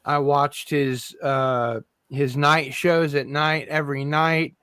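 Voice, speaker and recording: Slow, measured man calming a debate. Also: a little high, clear, resonant tone, no echo. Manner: slow and measured, calling for calm. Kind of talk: heated panel debate.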